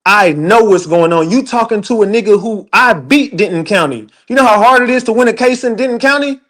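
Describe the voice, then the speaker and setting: A man's voice: high voice, expressive, brisk, a bit bright. A man ranting on a livestream, profane and emphatic, talking straight to his chat. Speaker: livestream commentator. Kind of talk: heated livestream rant.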